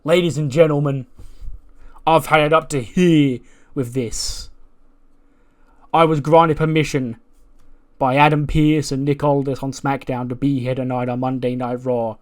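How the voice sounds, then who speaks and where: A man doing a slow, menacing wrestler. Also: medium pitch, steady tone, lightly acted. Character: angry hulking male wrestler issuing threats.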